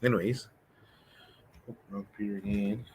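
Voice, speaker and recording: A man teaching a casual beginner language class, talking in a relaxed, chatty way and thinking aloud with frequent restarts. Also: fairly low pitch, moderate pace, husky.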